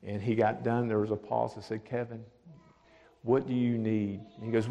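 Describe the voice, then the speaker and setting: A man, a pastor, telling a testimony story, dropping to a hush for the words of others. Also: fairly low pitch, level tone, normal speed, gravelly. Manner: drops to a hushed voice for quoted speech. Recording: long hall reverb.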